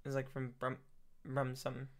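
A man's voice: mid-range voice, monotone. A man co-hosting a podcast in casual chat, joking around and laughing often. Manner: giggly, jokey, quick to laugh. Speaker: podcast co-host.

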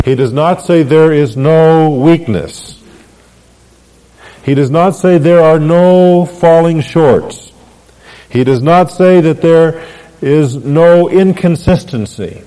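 A man's voice: medium pitch, mellow, in a large hall, low-quality recording. A man preaching an expository sermon, asking the congregation questions as he teaches. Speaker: pastor.

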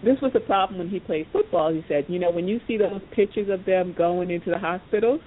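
A podcast speaker telling a story in a casual, rambling way, with many "you know" asides. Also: a little fast. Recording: tinny phone line with faint rumble.

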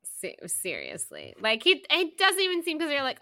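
A woman's voice: high-pitched, wildly swooping pitch, moderate pace, sharp tone, no room sound, clean studio sound. A young woman co-hosting a podcast, chatting casually about a book and retelling scenes with quoted voices. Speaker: podcast co-host. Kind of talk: casual book-club chat.

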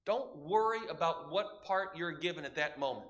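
A man's voice: on the high side, expressive, moderate pace, a bit bright. A man preaching a sermon as pastor, emphatic, building his points through repeated parallel phrases.

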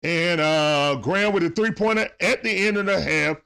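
A man hosting a sports talk livestream, giving casual play-by-play as he watches a game, shouting at big plays and greeting viewers. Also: high voice, moderate pace, vocal fry, smooth. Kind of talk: live play-by-play watch-along commentary.

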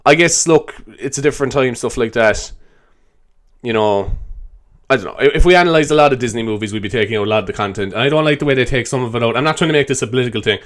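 Rambling young podcast host. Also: male voice, medium pitch, quick pace, fairly bright tone. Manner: rambling, swears and laughs often. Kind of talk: solo improvised podcast chat.

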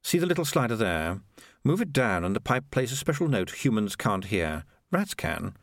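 A man reading the part of a cynical, swaggering male rat piper in a low, conspiratorial drawl. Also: big pitch swings, normal speed, no echo, clean studio sound. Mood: sly.

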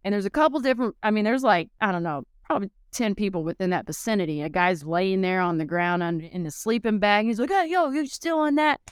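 A woman hosting a personal podcast, telling a story in a lively way and acting out what each person said. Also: mid-range voice, quick pace, few pauses, smooth, no room sound, clean studio sound. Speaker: podcast host.

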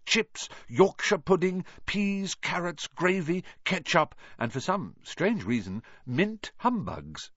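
A man narrating a storybook in an expressive reading style. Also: on the high side, slightly rough, no room sound, muffled recording. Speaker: audiobook narrator. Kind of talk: scripted narration.

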